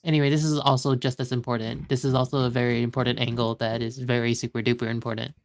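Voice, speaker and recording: Distracted, halting podcast co-host. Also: medium pitch, level tone. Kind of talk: casual chat.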